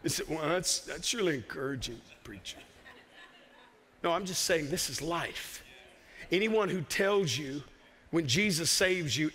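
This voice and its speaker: A man's voice: fairly high pitch, a bit bright, big-room sound. A man preaching a sermon as pastor, emphatic and repeating key phrases. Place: church sanctuary.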